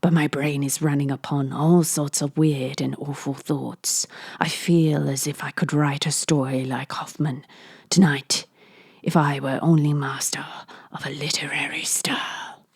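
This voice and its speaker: A woman reading a horror story aloud, voicing a brooding young man who speaks in a low, hushed half-whisper. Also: little pitch movement, unhurried, slightly rough, dry recording, clean studio sound, full character voice. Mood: gloomy.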